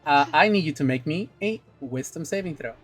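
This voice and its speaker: Game master with a mid-pitched voice. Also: animated, fairly bright tone, no room sound, soft background music. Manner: deliberate scene descriptions and short rulings. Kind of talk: narrating a tabletop game.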